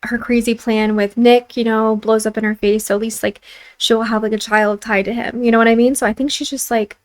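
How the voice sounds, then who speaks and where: A woman's voice: on the high side, level tone, a little fast. A young woman chatting casually as she narrates a life-sim game for her channel, full of filler words. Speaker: let's play host.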